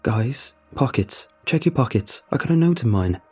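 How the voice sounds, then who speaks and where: A man voicing a panicky young man who shouts and argues in a horror story. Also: fairly low pitch, moderate pace, husky, faint music behind. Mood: tense. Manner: shouting, tense.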